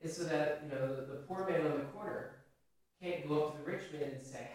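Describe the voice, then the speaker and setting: Heard from afar in a heavily echoing hall, this pastor speaks a little fast in a high-leaning, slightly mellow voice. His sermon is conversational, and he keeps asking the congregation questions.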